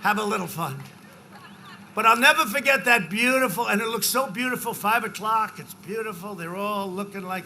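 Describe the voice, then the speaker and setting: A man in his seventies giving a rambling, off-the-cuff campaign rally speech, full of repetitive asides to the crowd and shouted emphasis. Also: high-pitched, a little fast, a little hiss or hum. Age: 70s. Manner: swings into shouted emphasis on numbers. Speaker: politician addressing a rally. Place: large political rally.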